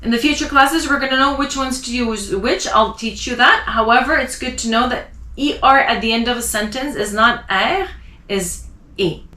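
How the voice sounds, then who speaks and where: A woman teaching French pronunciation, spelling out letters and slowly repeating example words. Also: a little high, pushed and bright, echoey room.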